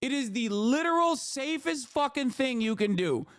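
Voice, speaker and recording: A man's voice: very high-pitched, lively intonation, normal speed, fairly bright tone, clear, resonant tone, no room sound, clean studio sound. A man streaming live, giving heated political commentary, swearing a lot and stopping often to ask "okay?". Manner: profane, ranting, emphatic; repeats words and says "okay?" often.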